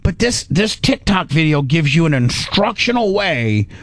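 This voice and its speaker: A middle-aged man hosting a radio show, telling a story in casual chat. He talks in an animated, rambling way, with restarts and fillers, and acts out his own inner voice. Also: fairly high pitch, measured pace, no room sound.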